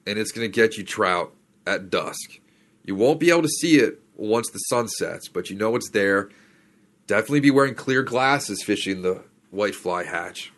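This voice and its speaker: A man hosting a podcast, telling a rambling story in a chatty, slangy, casual way. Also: fairly low pitch. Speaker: podcast host.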